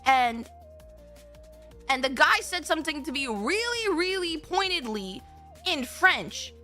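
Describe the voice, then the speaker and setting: Bright, high-voiced woman streamer telling a story. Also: slow, faint music behind. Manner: animated, rambling, swears, acts out quotes. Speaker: VTuber streamer.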